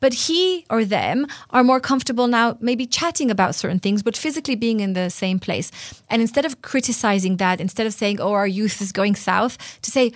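Guest: middle-aged Israeli woman, animated, laughs often, fairly high voice, close and dry. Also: brisk, dry recording. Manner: animated, laughs often, restarts and repeats words. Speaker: author and guest. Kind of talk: conversational interview.

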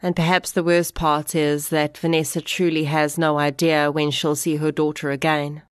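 A woman narrating a podcast, reading a measured, reflective script. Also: deep voice, little pitch movement, clear, resonant tone, no room sound, clean studio sound.

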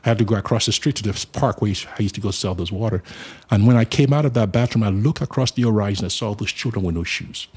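Middle-aged man from Africa, low husky voice, lively interview storyteller. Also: quick pace. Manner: lively storyteller, acts out quoted people. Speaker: guest, charity founder.

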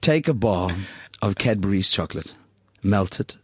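A man with a South African accent hosts a radio show in a dry studio. His voice sits mid-range with a slightly husky edge. He talks in a camp, theatrical way and giggles through playful banter. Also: low voice, expressive, normal speed, no room sound. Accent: South African English.

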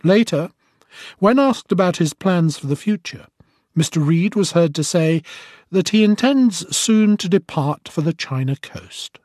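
A man's voice: high voice, animated, unhurried, a little mellow, no echo, clean studio sound. A man reading a passage from a novel in a formal, reportorial style. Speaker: audiobook narrator. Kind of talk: scripted narration, report-like.

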